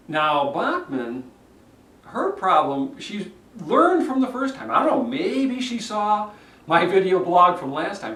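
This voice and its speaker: A man working as a public speaking coach, critiquing speeches on video and acting out the delivery habits he describes. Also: sits high. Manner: animated, demonstrates delivery himself. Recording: roomy echo, mic at a distance.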